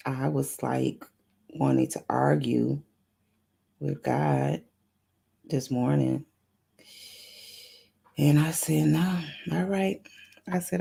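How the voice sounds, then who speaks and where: A woman's voice: deep voice, creaky, warm tone, breathy edge. A woman hosting a live motivational affirmation stream, repeating phrases in a preacher-like call-and-response. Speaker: motivational talk show host.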